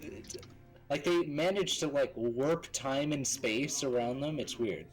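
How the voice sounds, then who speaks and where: A man's voice: mid-range voice, unhurried, soft background music, low-quality recording. A man chatting and joking in casual gaming banter with friends over voice chat. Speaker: gamer on stream.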